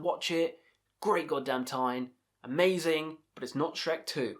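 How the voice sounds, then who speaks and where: A man's voice: on the high side, a bit bright. A man hosting a video channel, giving a casual, enthusiastic film review full of swearing and laughter. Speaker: video host ranking films.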